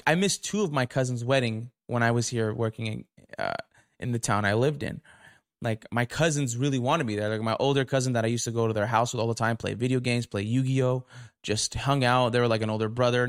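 A young man hosting a podcast, telling stories in a casual, profane, indignant rant into a camera mic. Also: mid-range voice. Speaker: podcast host. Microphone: camera recording.

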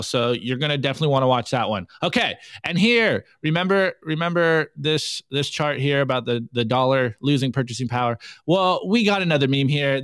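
A man hosting a casual livestream, reading memes aloud and tossing in quick asides. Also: medium pitch, fairly bright tone, no echo. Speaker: show host.

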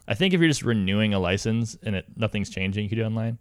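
A young man in his twenties co-hosting a podcast, chatty and quick to laugh, with lots of fillers. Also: lowish voice, expressive, no echo. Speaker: podcast co-host. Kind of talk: casual chat.

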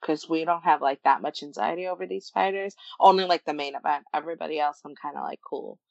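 A young woman with a New York accent chats casually as a podcast co-host, laughing often and filling her talk with "like." Her voice sits low with a gravelly fry. The sound is dry and a bit dull. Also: quick pace, a little mellow, no room sound. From Brooklyn. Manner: chatty, laughs often, says "like" a lot. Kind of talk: casual chat.

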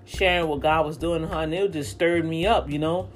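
Animated, preachy woman with music. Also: low voice, fairly quick. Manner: animated, preachy, talks straight to viewers. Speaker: vlogger sharing a testimony. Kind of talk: casual spiritual testimony. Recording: music playing behind the voice.

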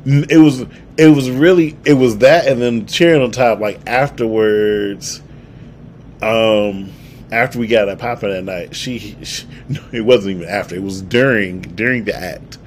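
A man's voice: fairly low pitch, moderate pace, a little hiss or hum. A young man co-hosting a podcast, telling stories in a laid-back way with frequent laughs and restarts. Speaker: podcast co-host. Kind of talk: casual chat.

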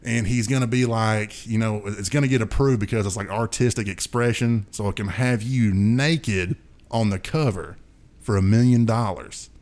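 Lively, laughing male podcast co-host. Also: on the low side, normal speed. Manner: animated storyteller who laughs often. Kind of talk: casual chat, telling a long made-up scenario.

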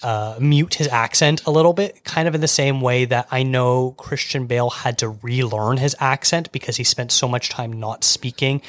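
A man's voice: medium pitch, moderate pace, few pauses, no echo. Man host musing aloud, dry close sound. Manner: thinks aloud with restarts, laughs often. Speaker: podcast host. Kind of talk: casual podcast discussion.

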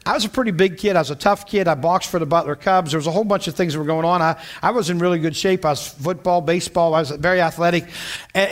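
A man from western Pennsylvania preaches in a high-sitting, somewhat bright voice. His sermon tells a personal story, with repeated words and check-ins with his listeners.

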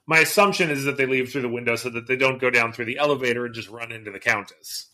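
A man's voice: mid-range voice, fast talker, bright, forceful tone. A man co-hosting a podcast, chatting casually as he recaps an episode and acts out quotes in bursts. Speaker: podcast co-host.

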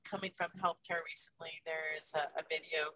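A speaker in casual conversation, talking haltingly with many pauses and fillers. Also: medium pitch, flat delivery, bright, forceful tone, low-quality recording.

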